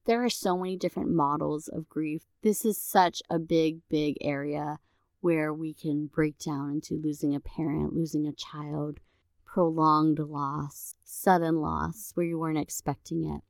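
A woman's voice: low-pitched, steady tone, measured pace, creaky, darkish tone, dry recording, clean studio sound. A middle-aged woman therapist co-hosting a podcast, explaining things in a casual conversational way and often adding "right?".

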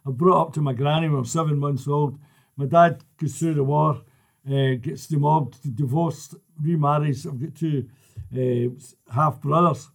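Husky older Scottish storyteller. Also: male voice, on the high side, moderate pace. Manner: lively storyteller, laughs through his punchlines. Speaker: guest. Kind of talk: casual anecdotes.

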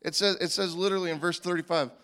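High-voiced pastor preaching casually. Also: male voice, fast talker, clear, resonant tone. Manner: animated and informal, with frequent restarts. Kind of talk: conversational sermon.

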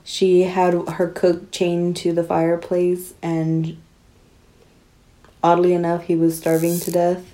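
Low mellow-voiced woman podcast co-host. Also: monotone. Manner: playful, joking, quick laughs. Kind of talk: casual podcast chat.

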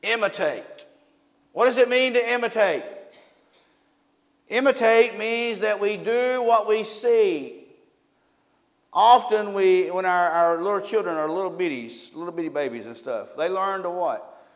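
A man's voice: sits high, unhurried. A man preaching a sermon in a folksy way, often asking his congregation questions. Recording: long hall reverb.

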